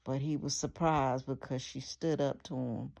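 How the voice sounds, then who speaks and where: A woman telling a story from her own book in a loose, unhurried way, with frequent fillers. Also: extremely low pitch, fairly even intonation, creaky, a little mellow. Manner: unhurried, with many fillers and restarts.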